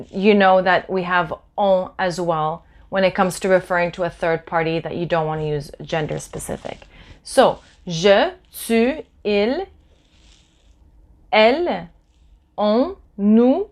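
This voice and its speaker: Patient woman teaching French. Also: fairly low pitch. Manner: patient, explanatory, repeats words slowly. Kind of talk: online language lesson. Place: Los Angeles.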